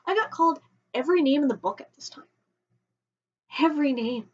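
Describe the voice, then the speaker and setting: A woman telling a personal story on a vlog, emotional and halting, often restarting her sentences. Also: high-pitched, expressive. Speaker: vlogger. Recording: dull lo-fi home recording.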